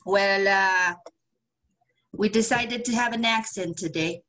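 Woman doing a slow-spoken, genteel 1950s lady for a podcast chat; ladylike and old-fashioned. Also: mid-range voice, bright, forceful tone. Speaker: podcast co-host. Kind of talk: casual chat in a put-on voice.

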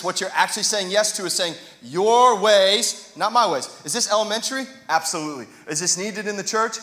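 Male pastor, higher voice, chatty sermon with bursts of passion, roomy church sound. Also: sharp tone. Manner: conversational preaching with jokes, rising to passionate emphasis. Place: church sanctuary. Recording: echoey hall reverb.

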